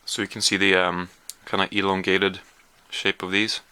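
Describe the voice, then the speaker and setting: A man's voice: low voice, little pitch movement, normal speed, pushed and bright, smooth, no echo. A man chatting casually through a taste-test vlog, hesitant with lots of fillers, sometimes talking while chewing. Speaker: vlogger.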